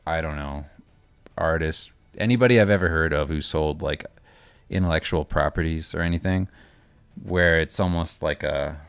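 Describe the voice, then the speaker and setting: A man giving earnest, loose advice in a casual chat, halting and restarting as he talks. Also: rumbling low, smooth, no echo. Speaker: artist streamer.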